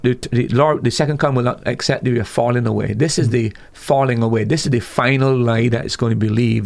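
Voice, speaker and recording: A man who is a pastor talking on a radio discussion, emphatic and rising sharply in pitch when he quotes other preachers. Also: vocal fry. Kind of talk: radio talk show discussion.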